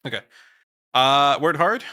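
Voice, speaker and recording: A young Dutch man with a Dutch accent chats casually on a stream, rambling as he reads chat aloud and swearing offhandedly. His medium-pitched voice is expressive and bright with a forceful edge, and he talks a little slowly.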